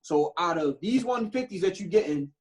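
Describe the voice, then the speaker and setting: A young man talks on a casual podcast, animated and slangy, leaning into his stories with plenty of cursing. His voice sits a little high for a man. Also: normal speed, rough recording. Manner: animated storytelling with slang and profanity. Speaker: podcast co-host. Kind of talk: casual chat.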